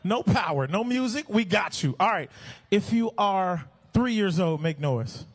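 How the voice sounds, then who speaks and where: A man working as an event MC, shouting playfully to a crowd of kids and running call-and-response games. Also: high-pitched, expressive, unhurried, slight background noise. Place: outdoor stadium fan event.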